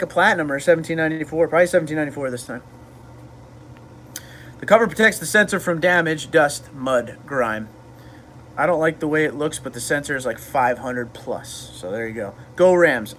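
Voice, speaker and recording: A man's voice: fairly high pitch, a bit bright, a little hiss or hum. A man hosting a casual livestream, rambling in a laid-back way and answering chat. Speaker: livestream host.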